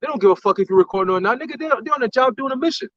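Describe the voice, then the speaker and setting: A man in casual talk with a co-host, telling stories with animated acted-out quotes. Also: extremely high pitch, racing, dry recording. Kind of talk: casual religious talk chat. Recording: dull lo-fi sound.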